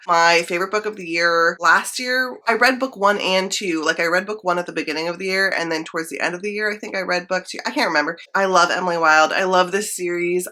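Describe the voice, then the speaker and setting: A woman's voice: fairly low pitch, pushed and bright. A young woman chatting casually and enthusiastically about upcoming books, often saying "like" as she goes. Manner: chatty and enthusiastic, frequent "like" fillers. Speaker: book vlogger. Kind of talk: casual chat.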